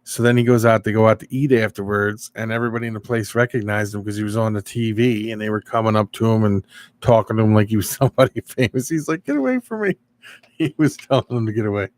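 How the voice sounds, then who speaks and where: A man's voice: on the low side, level tone, fast. A middle-aged man hosting a casual live stream, rambling and chatting with viewers as he reads their comments.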